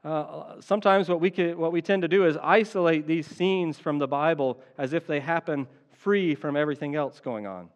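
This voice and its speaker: A man preaching a sermon as pastor, earnest and emphatic, slowing down to stretch key phrases. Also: fairly high pitch, big-room sound, lo-fi sound.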